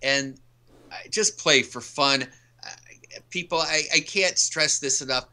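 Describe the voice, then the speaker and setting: A man's voice: on the high side, slow, pushed and bright. A man talking as an interview guest, an author and coach who tells stories earnestly and emphatically. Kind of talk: casual interview conversation.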